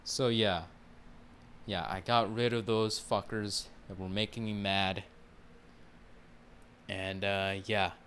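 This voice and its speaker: A man's voice: lowish voice, flat delivery, takes it slowly, pauses often, a bit bright, slight background noise. A man hosting his own podcast, ranting casually in a rambling, heavily profane way full of fillers. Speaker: podcast host. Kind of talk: casual solo rant.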